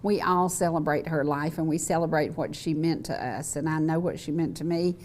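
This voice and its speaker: A woman's voice: low-pitched, moderate pace, a little mellow. Folksy Southern woman, chatty TV host. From North Georgia, US. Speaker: talk show host. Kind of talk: casual chat to camera. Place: local TV studio set.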